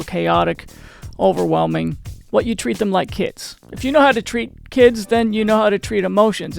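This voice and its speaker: A man with a fairly high voice and a lot of gravel and fry in it talks casually to camera, hosting his own channel. He repeats himself, restarts sentences, and keeps turning questions back to the viewer. Faint music sits underneath. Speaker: channel host.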